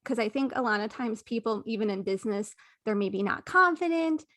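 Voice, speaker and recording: A woman hosts a podcast interview with a fairly high voice in a dry, close sound. She affirms what her guest says and reflects aloud, thinking her way through each point. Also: animated, brisk, a bit bright, no echo. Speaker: podcast host. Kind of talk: casual interview conversation.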